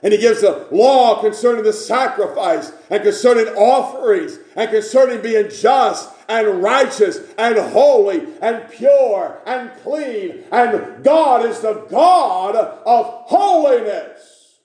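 Emphatic male preacher, high and mellow, reading scripture in a reverberant sanctuary. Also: lively intonation, slow. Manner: emphatic, repeats key phrases, reads scripture in old wording. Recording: echoey room.

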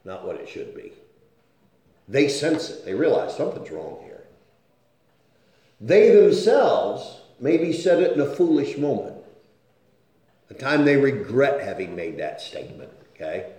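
A man preaches with a lively, rising and falling voice, earnest and searching. His tone is mellow and soft at the edges. The sound rings out through a very echoey room. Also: medium pitch, a little slow, long pauses. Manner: earnest, keeps asking "okay?" to check on listeners. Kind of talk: sermon.

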